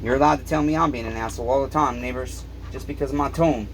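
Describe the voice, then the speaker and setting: A man's voice: medium pitch, fast, slight background noise. A tired, fed-up man who runs a small repair shop, ranting to the camera in his workshop and swearing constantly. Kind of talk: angry workshop rant to camera.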